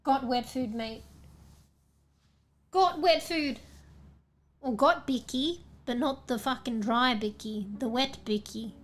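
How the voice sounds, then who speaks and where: A woman's voice: high voice, slow pace, long pauses. An Australian woman voicing her pet male cat, bossy and swearing as he demands food. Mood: demanding.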